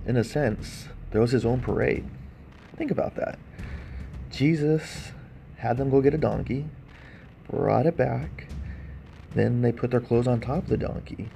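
A man's voice: medium pitch, unhurried, vocal fry, pauses often, mellow, slight background noise. A man giving sarcastic, casual commentary on a bible story, thinking aloud and asking wry questions.

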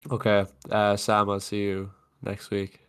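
A man's voice: on the low side, monotone, unhurried, smooth. A man co-hosting a podcast in casual chat, sick with a cough, dry and laid-back. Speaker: podcast co-host.

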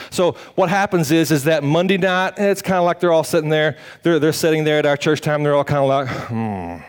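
Pastor, male, folksy and animated sermon storyteller. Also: fairly high pitch, smooth. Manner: animated, folksy, acts out quotes.

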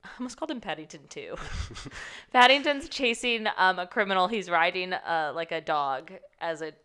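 A woman's voice: lowish voice, lively intonation, normal speed, pushed and bright, clean tone. A woman hosting a podcast, chatting casually about a movie and recapping scenes with plenty of "like" and "um". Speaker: podcast host. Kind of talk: casual movie-discussion chat.

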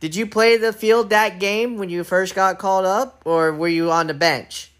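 A man hosting a casual interview, asking relaxed questions with brief prompts. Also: high-pitched, moderate pace. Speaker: interviewer, host.

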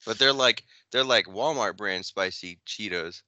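A man with a somewhat low but very bright, forward voice rambles through crude anecdotes. He leans on filler words and keeps laughing. The sound is dry and close. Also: measured pace, dry recording, dull audio. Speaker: podcast co-host. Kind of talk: casual crude chat.

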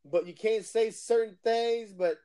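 A man's voice: sits high, fairly even intonation, measured pace, dark tone, clear, resonant tone. A man chatting casually, telling laid-back stories and laughing often. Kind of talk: casual chat.

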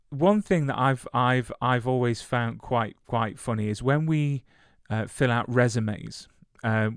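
A man's voice: medium pitch, clean tone, no echo. Chatty male interview host, dry sound. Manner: chatty, eager questions with restarts. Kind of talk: casual interview chat.

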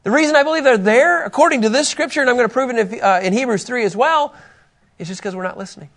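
A man teaching a Bible lesson to a small group, conversational and lively, acting out people's doubts and putting questions to his listeners. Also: very high voice, fast talker.

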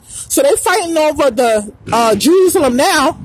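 High, lively-voiced woman preaching. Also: normal speed, hardly any pauses, slight background noise, poor audio. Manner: emphatic, repeats lines, breaks into sung phrases. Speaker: podcast host. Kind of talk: preachy religious monologue.

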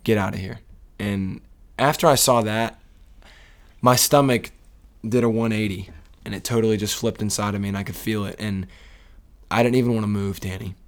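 A man's voice: on the low side, steady tone, normal speed, long pauses. Emotional man rambling about sports. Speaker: sports podcast co-host. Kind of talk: casual sports talk.

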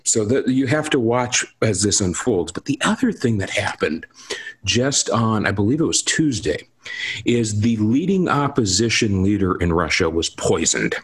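Guy laying out politics, husky deepish voice, hammering his points home. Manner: emphatic, lecturing. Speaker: political commentator. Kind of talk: political discussion.

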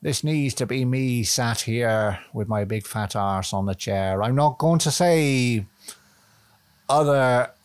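A man rambles through a solo podcast, chatty and loose, with casual swearing and self-mocking asides. His voice sits at an ordinary middle pitch. The sound is close and dry, with no room echo. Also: slow, clean tone. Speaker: podcast host.

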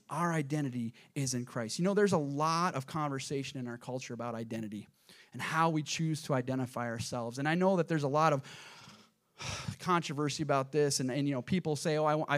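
A man preaching a sermon as pastor, addressing the congregation directly and swinging from hushed asides to loud, emphatic peaks. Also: fairly high pitch. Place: church auditorium.

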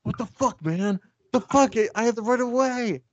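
A man's voice: extremely high pitch, moderate pace, highs cut off, a little hiss or hum, pitched above the performer's own voice. A man doing a hot-headed South Philly vigilante. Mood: outraged. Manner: loud, cursing, indignant.

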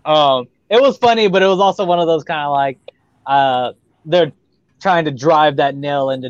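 A man's voice: fairly high pitch, animated, moderate pace, clean tone, no echo, muffled recording. A man co-hosting a podcast in casual chat, laid-back, rambling and laughing easily. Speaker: podcast co-host.

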